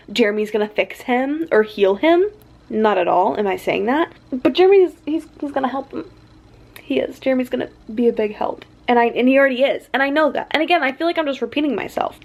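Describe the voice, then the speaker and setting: A woman's voice: sits high, vocal fry, a little mellow. A young woman vlogging about a book she is reading, gushing and flustered, talking straight into her camera and filling her sentences with "like". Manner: gushing and flustered, heavy use of "like". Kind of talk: excited casual book chat. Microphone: camera mic.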